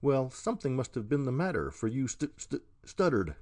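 A man voicing a gruff, growling older male sailor, in a storybook reading. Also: medium pitch, very animated, normal speed, a little mellow, pitched above the performer's own voice, lightly acted.

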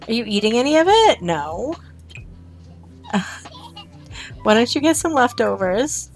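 High-voiced woman streaming a game. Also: big pitch swings, measured pace, soft background music. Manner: chatty, talks to game characters and chat. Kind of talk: casual gameplay commentary.

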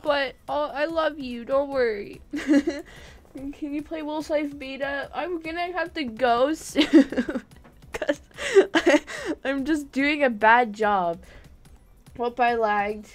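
High-voiced, giggly woman livestreamer. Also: slow. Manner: giggly, excitable, often shouting and apologizing. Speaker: gaming livestreamer. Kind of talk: live gameplay chatter.

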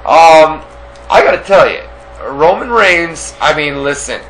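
A man's voice: fairly high pitch, expressive, a little slow, over music, low-quality recording. A man with a New York accent co-hosting a casual radio show, rambling with lots of fillers and hesitations. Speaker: co-host. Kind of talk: casual podcast chat. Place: small hot room with air conditioning.

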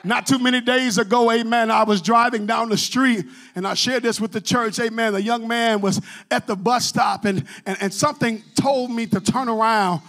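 A male pastor preaching a sermon in a church, shouting in rhythmic, repeated phrases. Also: very high-pitched, fairly even intonation, moderate pace, hardly any pauses. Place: church sanctuary.

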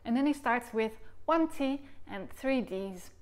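Brief: woman music teacher, fairly high voice, calm instructional video delivery, sings tonguing syllables to demonstrate. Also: measured pace. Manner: demonstrates articulation by singing syllables; clear, patient explanations. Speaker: recorder teacher.

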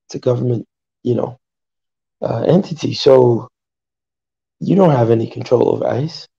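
A man speaking as a podcast panelist in a casual discussion, hesitant and halting, often pausing with fillers. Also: medium pitch, gravelly, warm tone, slightly rough, lo-fi sound.

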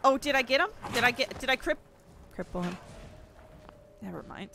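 A young woman giving excitable let's play commentary, swearing often and yelping at the screen. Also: a little high, normal speed, creaky, noisy background. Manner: excitable, swears a lot, yelps and shouts at the screen. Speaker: gaming streamer.

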